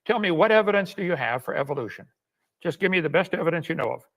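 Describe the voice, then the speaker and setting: A man's voice: fairly high pitch, animated, fast, a bit bright. An older man hosting a live call-in show, brusque and mocking toward callers.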